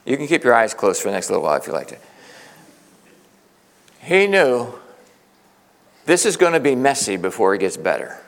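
A male pastor preaching a sermon, swinging from loud, emphatic peaks to hushed asides. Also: medium pitch, big pitch swings, moderate pace, vocal fry, long pauses. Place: church sanctuary. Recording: reverberant church hall.

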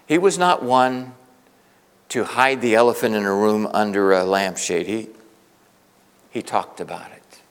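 A male pastor preaching a sermon, swinging from loud, emphatic peaks to hushed asides. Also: lowish voice, unhurried, pauses often, smooth. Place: church sanctuary. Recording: reverberant church hall.

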